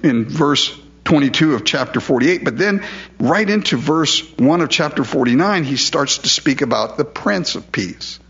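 A man's voice: a little high, a bit bright, highs cut off. A man preaching a verse-by-verse sermon in a conversational way, often asking rhetorical questions. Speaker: pastor. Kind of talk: expository sermon.

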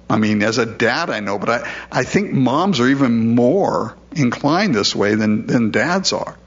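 A man's voice: mid-range voice, fairly bright tone, slightly rough, highs cut off. A man preaching a sermon, reading scripture aloud and explaining it in a conversational way, sometimes voicing God and his listeners. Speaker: pastor.

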